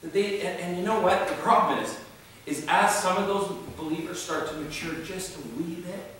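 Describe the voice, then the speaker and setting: A high-voiced pastor delivers a joking, sarcastic sermon. His bright, sharp voice rings around a large hall, picked up from far off by the mic, with plenty of echo. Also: a little fast, slight background noise. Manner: sarcastic, animated, mocks church habits. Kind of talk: humorous sermon.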